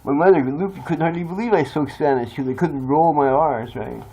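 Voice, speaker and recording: A man's voice: on the high side, normal speed, dark tone, breathy edge, rough recording. A man talking in a rambling, confessional monologue, blunt and swearing freely. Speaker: vlogger.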